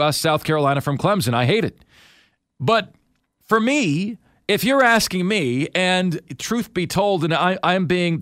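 A man's voice: fairly high pitch, fairly bright tone, no room sound, clean studio sound. Chatty man hosting sports radio. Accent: light Southern, radio-neutral. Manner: chatty, joking, rambling storyteller. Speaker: radio show host. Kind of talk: casual sports radio chat. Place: radio studio.

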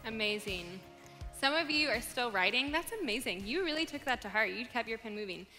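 Female speaker, encouraging and conversational, bright tone, live hall sound. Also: fairly high pitch, animated, brisk, soft background music. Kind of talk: live talk to an audience. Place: large room with an audience. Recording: hall reverb.

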